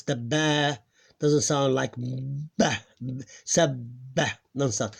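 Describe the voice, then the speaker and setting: A man who is losing his voice, teaching a pronunciation lesson. He talks haltingly, repeats words and drills sounds slowly, clearing his throat now and then. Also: medium pitch. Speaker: Arabic teacher. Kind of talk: live online lesson.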